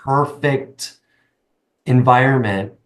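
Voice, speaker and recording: Middle-aged male guest, mid-pitched voice, earnest and halting. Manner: earnest, halting, frequent restarts. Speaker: interview guest. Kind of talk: conversational interview.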